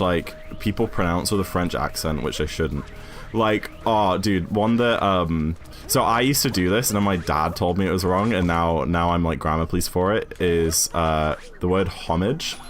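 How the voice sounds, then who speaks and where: A man with a British accent chatting casually and rambling while he streams a speedrun, laughing often. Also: low voice. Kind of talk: casual chat while gaming.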